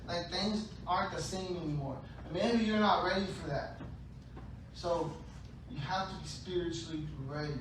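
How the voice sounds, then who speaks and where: A man's voice: high-pitched, normal speed. Playful male pastor in an echoey hall. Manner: playful, acts out scenes with shouted voices. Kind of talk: sermon. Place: large church hall. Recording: echoey hall, distant mic, faint noise.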